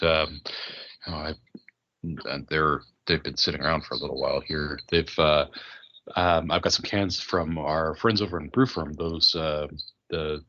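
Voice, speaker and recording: Podcast guest: deep male voice, sharp edge, stop-start delivery with many ums, slightly dull audio. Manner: halting, many fillers and restarts. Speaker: podcast guest, mead maker. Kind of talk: casual conversation.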